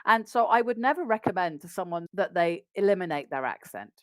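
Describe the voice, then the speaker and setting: A woman's voice: on the low side, lively intonation, brisk, dry recording. A woman with an English RP accent, a business English coach, explaining practical tips in an upbeat conversational interview.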